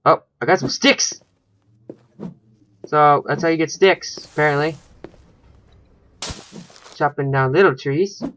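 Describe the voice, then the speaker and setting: A man's voice: a little high, slow, long pauses, a bit bright, slight background noise. A man giving let's play commentary, thinking aloud and swearing when startled. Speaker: gaming channel host.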